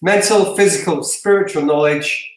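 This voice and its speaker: A man's voice: on the high side, normal speed. A man with a British accent co-hosting a casual podcast, wry and sarcastic. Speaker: podcast co-host. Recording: very roomy echo.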